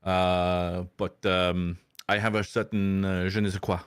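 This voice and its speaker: A man's voice: low voice, level tone, measured pace, smooth, no echo. A man putting on a poor French accent to play a boastful, bawdy male escort applicant in an improvised comedy game. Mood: smug. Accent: put-on French accent, deliberately poor. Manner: hammy, bawdy, stumbling with filler sounds.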